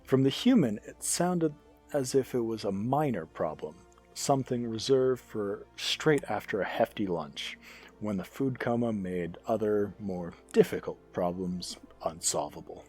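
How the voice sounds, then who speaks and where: A man narrating a science fiction story with an expressive, animated reading. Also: fairly low pitch, unhurried, slightly rough, faint music behind.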